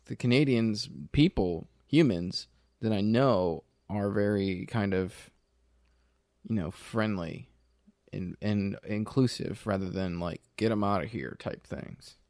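Man, low voice, dry close sound, earnest interviewer, hesitant restarts, improvised comedy. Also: takes it slowly, a little mellow, no echo.

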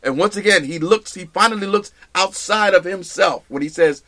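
A man's voice: high voice, moderate pace, pushed and bright. A man preaching a sermon, emphatic and repeating his phrases for stress.

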